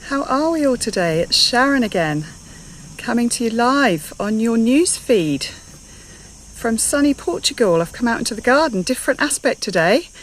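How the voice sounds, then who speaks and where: A woman's voice: fairly high pitch, lively intonation, moderate pace, a little hiss or hum, rough recording. A woman hosting a casual live stream from her garden, slightly out of breath, upbeat and chatty, asking her viewers lots of questions. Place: garden, outdoors.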